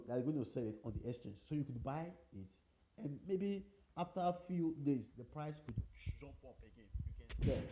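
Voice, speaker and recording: A man's voice: on the high side, a bit bright, low-quality recording. A man with a non-native English accent giving earnest, repetitive crypto advice straight to his viewers. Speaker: crypto commentator. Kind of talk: casual advice talk to camera.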